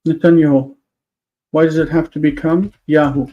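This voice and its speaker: A man's voice: on the high side, level tone, normal speed, mellow, highs cut off. A man on a live stream, explaining word forms step by step, thinking aloud with many fillers. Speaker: Hebrew teacher.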